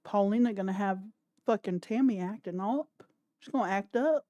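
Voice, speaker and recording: A woman's voice: mid-range voice, normal speed, warm tone, a little hiss or hum. A woman hosting a livestream, reacting to a video with crude jokes and frequent laughter. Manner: crude, joking, laughs often. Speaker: podcast host. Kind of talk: casual livestream commentary.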